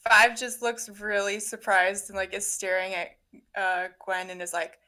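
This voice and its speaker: A woman's voice: medium pitch, steady tone, moderate pace, pushed and bright. A woman playing a tabletop game, chatting casually and hedging her words. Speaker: player.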